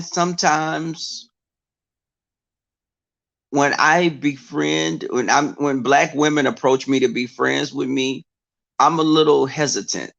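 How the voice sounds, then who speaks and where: A man chatting casually to his viewers, telling stories in an animated way and breaking into mocking impressions of others. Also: on the high side, creaky, lo-fi sound.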